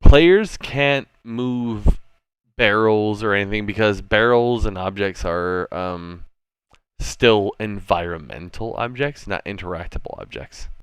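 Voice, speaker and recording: A man's voice: on the low side, slow pace, clear, resonant tone, dry recording. A man as game master, enthusiastically explaining a tabletop game setup. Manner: animated, enthusiastic, expressive.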